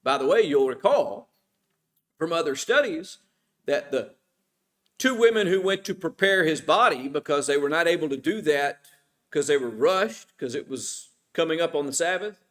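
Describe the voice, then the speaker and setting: At church, a middle-aged man with a fairly high voice teaches a Bible study class in an informal, conversational way. He repeatedly poses questions to the class and then answers them himself, speaking animatedly at normal speed with a fairly bright tone.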